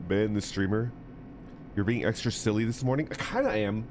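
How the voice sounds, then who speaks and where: A man's voice: fairly low pitch, moderate pace, darkish tone, a little hiss or hum. A man streaming a game, joking, laughing, and reading dialogue aloud with game music in the background. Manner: goofy, laughing, jumps between silly voices and reading.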